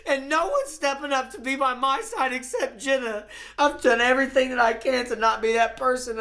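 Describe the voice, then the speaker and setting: A man's voice: very high voice, bright, forceful tone. A man in his twenties, tearful and upset, swearing as he pours out his hurt as a reality show contestant. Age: 20s. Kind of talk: emotional confession.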